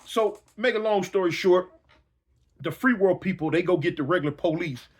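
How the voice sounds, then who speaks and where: A man telling a personal story dramatically, acting out yells and reactions. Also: high voice, moderate pace, breathy edge. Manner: dramatic, acts out yells and voices, slangy.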